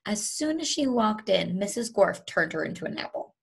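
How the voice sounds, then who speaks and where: Brief: woman teacher, children's read-aloud, breathy and expressive. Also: mid-range voice, moderate pace. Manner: lively and expressive, with chuckles. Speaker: teacher reading to her students.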